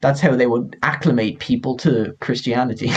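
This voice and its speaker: A young man co-hosting a podcast, retelling myths in a casual, animated and profane way. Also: mid-range voice, normal speed, highs cut off. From Ireland. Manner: animated, profane, laughing often. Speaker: podcast co-host. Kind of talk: casual storytelling chat.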